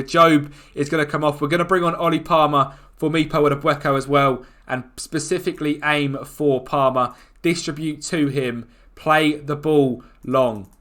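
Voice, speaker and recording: Excitable man commentating a game. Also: fairly high pitch. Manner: excitable, groans and shouts at the match. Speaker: gaming YouTuber. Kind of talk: football management game commentary.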